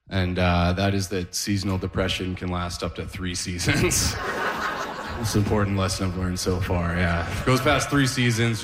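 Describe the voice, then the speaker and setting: A young male comedian with a very deep voice, doing dry, relaxed stand-up on a live stage. A crowd can be heard faintly in the room. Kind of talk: stand-up set.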